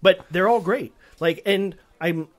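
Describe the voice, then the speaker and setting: Animated rambling man, swearing casually. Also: high-pitched, unhurried. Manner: rambling, animated, swears freely, restarts often. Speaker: podcast co-host. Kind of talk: casual chat.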